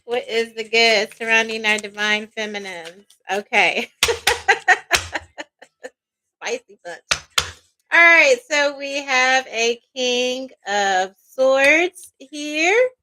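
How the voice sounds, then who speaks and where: A woman's voice: on the high side, lively intonation, slow pace, background noise. A woman giving a casual tarot reading as a psychic, chatty and peppered with "all right" and "okay".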